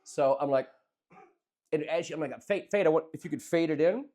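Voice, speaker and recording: A man chatting on a casual podcast, rattling off a long story at a quick clip. His voice sits a bit high, and he rambles, restarts and swears freely as he goes. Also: mellow. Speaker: podcast co-host. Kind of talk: casual chat.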